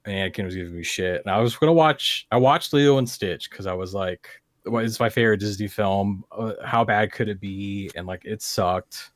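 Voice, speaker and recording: A man's voice: on the low side, moderate pace, no echo. Laid-back man with a dry sound. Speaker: podcast co-host. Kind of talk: casual chat.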